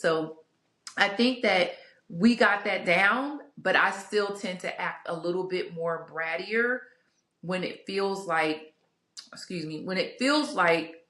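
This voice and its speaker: A woman's voice: on the low side, unhurried, bright, forceful tone. Chatty woman in an echoey room. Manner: candid, chatty, many fillers and asides. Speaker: vlogger sharing a couples Bible study. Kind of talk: casual reflective talk to camera.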